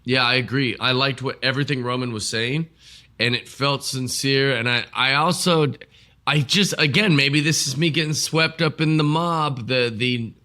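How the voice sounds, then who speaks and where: A man's voice: mid-range voice, normal speed, bright, forceful tone. A man co-hosting a podcast, chatting casually and enthusiastically about wrestling.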